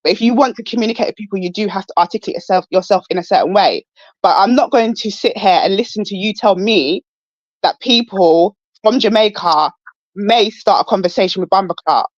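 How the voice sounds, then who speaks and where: A woman's voice: medium pitch, no echo, lo-fi sound. A woman caller on a live podcast panel, arguing her side with many restarts and repeated words. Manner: halting, repeats words, pushes back. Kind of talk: heated live panel debate.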